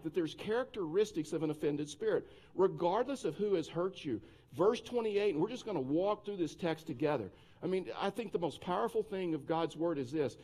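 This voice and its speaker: A man's voice: a little high, dark tone. Man preaching in a conversational style. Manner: conversational preaching with frequent restarts. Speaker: pastor. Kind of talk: sermon.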